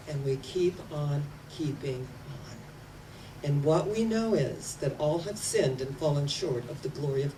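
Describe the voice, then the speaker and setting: An older woman minister delivers an emphatic sermon, driving her points home by repeating words with rising and falling force. Her voice sits slightly low. She is picked up by a distant mic, with faint noise underneath. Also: a little mellow. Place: church platform.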